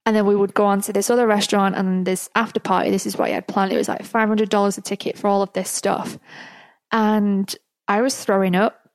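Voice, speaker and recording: A woman's voice: medium pitch, flat delivery, a little fast, no room sound. A woman hosting a podcast, telling a personal story in a chatty way and laughing often along the way. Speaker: podcast host.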